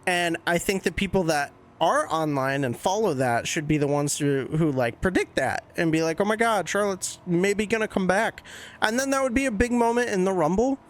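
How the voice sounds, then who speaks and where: High-voiced chatty male podcast host. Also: brisk, hardly any pauses. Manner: chatty, candid fan opinions with casual swearing. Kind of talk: casual wrestling commentary podcast.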